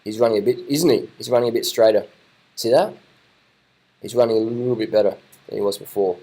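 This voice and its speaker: Brief: lower-voiced guy, loose off-the-cuff video commentary, excitable and repetitive, casual swearing. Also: fast talker, rough recording. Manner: excitable, rambling, swears casually, repeats himself. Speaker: vlogger commenting on race footage.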